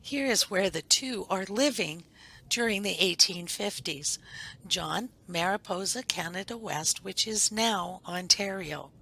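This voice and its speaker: A woman narrating her own video and reading an old family letter aloud in a slow, measured way. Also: mid-range voice, animated, vocal fry, pushed and bright, a little hiss or hum.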